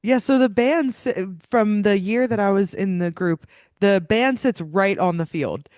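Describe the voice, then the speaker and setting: A woman's voice: mid-range voice, unhurried, darkish tone, dry recording, clean studio sound. A woman hosting a podcast, asking questions with eager enthusiasm. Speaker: podcast host. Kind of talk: podcast interview.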